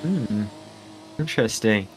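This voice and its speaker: A man's voice: lowish voice, expressive, slow pace, a little hiss or hum, rough recording. Playful man commentating sim racing. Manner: joking, playful, chatty with chat. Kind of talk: casual livestream commentary.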